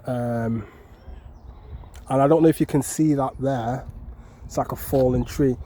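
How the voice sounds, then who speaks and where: A man's voice: mid-range voice, steady tone, measured pace, mellow, slight background noise, low-quality recording. A man with a Mancunian accent chatting to his viewers in a casual, jokey walking vlog outdoors, swearing freely. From North West England. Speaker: vlogger. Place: outdoor parkland.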